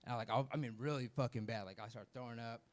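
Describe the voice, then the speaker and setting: A man's voice: mid-range voice, fairly even intonation, fast. Offhand self-deprecating stand-up man. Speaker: amateur stand-up comedian. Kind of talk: stand-up comedy set. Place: small comedy venue in a vape shop.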